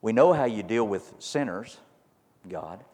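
A man's voice: on the low side, lively intonation, unhurried, mellow, breathy edge. A man preaching a sermon as pastor to his congregation, firing repeated rhetorical questions that build to emphatic peaks. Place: church sanctuary. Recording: long reverb of a large hall.

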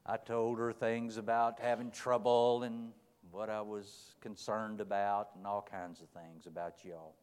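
A middle-aged man preaching a sermon, folksy, telling stories and asking rhetorical questions, moving between quiet and loud. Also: lowish voice, flat delivery, unhurried, hardly any pauses, clear, resonant tone. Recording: long hall reverb.

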